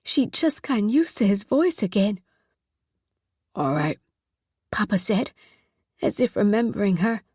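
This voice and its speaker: A woman narrating an audiobook in a measured, steady storytelling voice. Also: medium pitch, breathy edge, dry recording, clean studio sound. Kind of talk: scripted narration.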